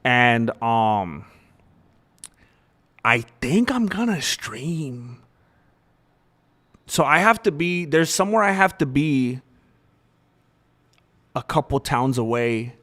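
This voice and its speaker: A man's voice: mid-range voice, sing-song, slow, pauses often, fairly bright tone. A young man hosting a livestream, talking candidly and rambling in casual chat with viewers. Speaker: livestream host.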